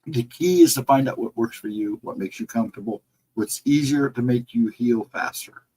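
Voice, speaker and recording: A middle-aged man hosting a casual livestream, reading the chat and answering viewers in a relaxed, reassuring way. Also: medium pitch, moderate pace, husky, low-quality recording. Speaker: livestream host.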